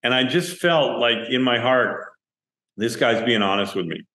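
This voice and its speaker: A man's voice: mid-range voice, measured pace. Guy director telling set stories, acts out the lines, echoey room. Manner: animated storyteller, acts out quoted dialogue. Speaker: film director. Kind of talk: interview storytelling. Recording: roomy echo.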